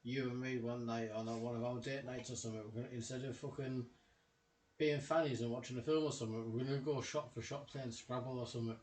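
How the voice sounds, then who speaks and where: A man chatting casually off to the side of a live stream, joking and relaxed. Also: medium pitch, fast. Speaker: streamer's husband. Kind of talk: casual chat. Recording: echoey room off the main mic.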